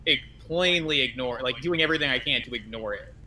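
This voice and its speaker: A man with a bright, forceful voice plays along in a tabletop role-playing game. He keeps chiming in with short, encouraging replies, over a faint hiss of background noise. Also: mid-range voice. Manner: quick, encouraging affirmations. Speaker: game guest player. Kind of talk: casual tabletop role-play.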